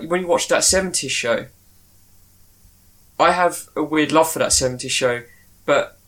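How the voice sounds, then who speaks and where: A man's voice: a little high, a bit bright. A man co-hosting a casual chat, giving rambling, opinionated views on television casting. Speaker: podcast co-host.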